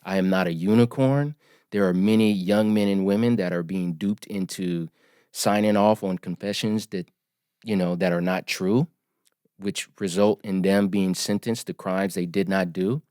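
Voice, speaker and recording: A man in his forties, a podcast guest, telling his story in an earnest, emphatic, measured way. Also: deep voice, steady tone, mellow, clear, resonant tone, dry recording, clean studio sound. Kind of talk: storytelling interview.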